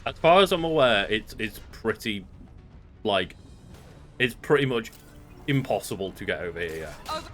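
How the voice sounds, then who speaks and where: A man's voice: fairly low pitch, normal speed, pauses often, faint music behind. Laid-back young man. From Merseyside, England. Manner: laid-back, sweary, laughs easily. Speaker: stream co-host. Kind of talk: casual chat over gameplay. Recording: steady background noise.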